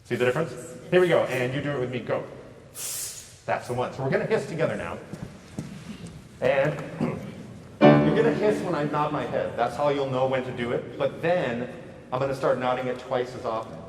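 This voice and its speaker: A man leading a choir through warm-up exercises, upbeat and encouraging, heard from a distance in a large echoey hall. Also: medium pitch, animated. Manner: upbeat, encouraging, quick praise. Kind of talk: choral warm-up instruction. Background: choir singing along.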